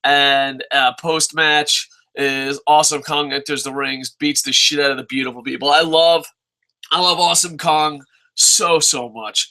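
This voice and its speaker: A man's voice: on the high side, steady tone, measured pace, bright, forceful tone. A young man reviewing a wrestling show in a profane, exasperated rant full of sarcasm and swearing.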